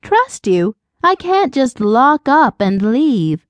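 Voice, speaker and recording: A woman's voice: high-pitched, big pitch swings, slow, no echo, muffled recording, pitched above the performer's own voice, heavily acted. A woman narrator voicing a frightened young woman who sounds tense and breathless. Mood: alarmed.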